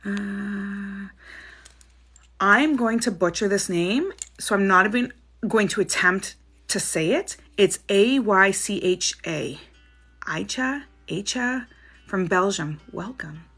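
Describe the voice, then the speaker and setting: A woman's voice: mid-range voice, slow, a bit bright, husky. A woman hosting a live stream, reading out viewers' names and questions and answering them in a chatty, reassuring way. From Canada. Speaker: psychic livestream host.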